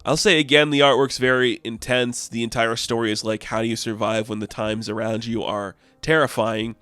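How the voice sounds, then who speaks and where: Excitable male comic reviewer, casual and chatty, resonant voice, dead-dry booth. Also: mid-range voice, normal speed, clear, resonant tone, dry recording. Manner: chatty, filler-heavy, excitable.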